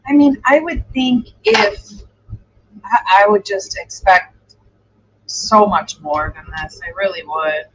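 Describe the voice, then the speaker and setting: A woman's voice: medium pitch, takes it slowly, a little hiss or hum. A woman hosting a live true crime stream, thinking aloud as she reacts and trails off in hesitant musing. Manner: coos softly to her dog. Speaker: true crime livestream host. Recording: dull lo-fi stream audio.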